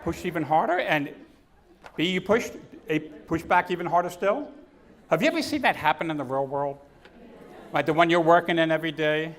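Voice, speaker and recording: A man's voice: fairly high pitch, normal speed. A man giving a comedic keynote speech to a conference audience, telling stories and acting out the people in them. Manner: storytelling, animated, acts out quotes. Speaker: keynote speaker. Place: conference stage.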